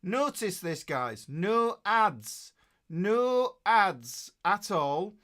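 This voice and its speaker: Man, guitar teacher, live-stream chat, jokey, bright tone. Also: high voice, big pitch swings, extremely slow. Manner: chatty, jokey, lots of fillers while reading out names.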